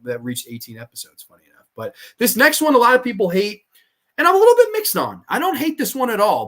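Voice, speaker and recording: An excitable, profane podcast host who tells stories loosely and casually. He sits a little above the usual male range, and his voice swoops up and down constantly. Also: on the high side. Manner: excitable and profane, laughing while recounting. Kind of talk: casual commentary.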